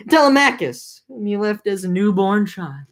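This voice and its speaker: A woman's voice: mid-range voice, very animated, normal speed. A young woman reading an epic poem aloud, breaking off into joking slangy recaps. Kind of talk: casual reading with comic summaries.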